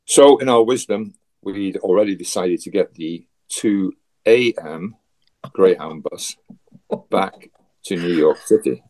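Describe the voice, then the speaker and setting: Scottish man, very deep voice, husky, chatty storytelling with wry asides. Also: darkish tone. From Scotland. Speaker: guest. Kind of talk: casual storytelling.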